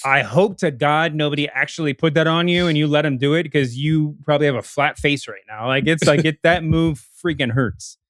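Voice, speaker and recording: This podcast co-host has a fairly high, slightly bright voice and talks fairly quickly with hardly any pauses. Chatting casually, he rambles, interrupts himself, and leans on fillers; the sound is studio quality with no room sound.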